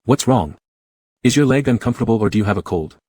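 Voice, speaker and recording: A man voicing a devoted, attentive young man who speaks briskly and with care in an audio novel. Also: mid-range voice, animated, darkish tone, slightly rough, no room sound, clean studio sound. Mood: caring.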